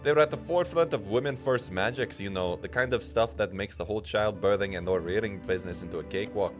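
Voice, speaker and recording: A man's voice: deep voice, animated, fast talker. A man voicing a boastful old talking skull. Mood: rambling. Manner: rambling, gleeful, attempts an accent. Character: ancient chatty boastful male talking skull mage. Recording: music playing underneath.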